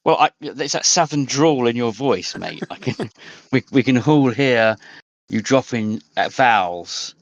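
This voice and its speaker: A man's voice: mid-range voice, lively intonation, unhurried, no room sound, lo-fi sound. A man playing in a tabletop game, teasing and cheeky in his banter. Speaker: player. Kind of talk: joking in-character banter.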